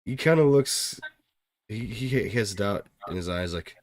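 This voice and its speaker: A man narrating as game master for a tabletop game, in relaxed, halting narration. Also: lowish voice, no echo, studio quality.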